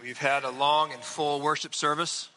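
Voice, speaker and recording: A man in his forties preaching a sermon, his voice bright and slightly higher than most men's. He builds his points with measured, emphatic repetition. The sound carries a long reverb from the church sanctuary. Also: fairly even intonation. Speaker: pastor.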